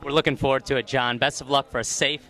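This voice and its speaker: A man's voice: medium pitch, fairly even intonation, quick pace, sharp tone. A man interviewing athletes after a competition, upbeat and playful in his questions. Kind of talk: post-competition sports interview. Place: competition arena.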